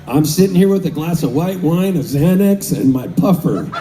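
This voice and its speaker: A man's voice: fairly high pitch, lively intonation, normal speed, warm tone, pitched below the performer's own voice, natural voice. A man imitating his elderly mother, eighty-eight, sleepy and content, in a drawling homey voice.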